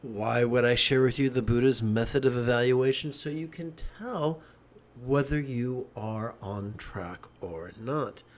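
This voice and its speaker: A man's voice: mid-range voice, measured pace. A middle-aged man giving a livestreamed meditation talk, a wry, joking storyteller. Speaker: meditation teacher.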